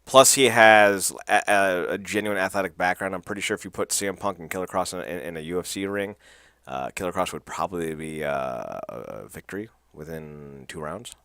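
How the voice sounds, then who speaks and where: A man's voice: low-pitched, fairly quick, bright, forceful tone, clear, resonant tone, dry recording. A man hosting a podcast, recapping wrestling in a loose, profane way with lots of fillers and laughs. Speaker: podcast host.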